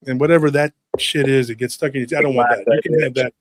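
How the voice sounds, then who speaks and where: A man in his forties casually telling a lively childhood story, acting out family members' voices along the way. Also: medium pitch, rapid-fire, few pauses, no echo.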